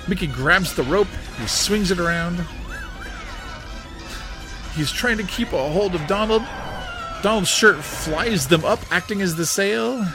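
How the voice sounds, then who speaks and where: A man hosting a podcast, giving excitable, giggly play-by-play commentary on a cartoon as he watches it. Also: high-pitched. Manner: giggly, excitable narration of on-screen action. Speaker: podcast host.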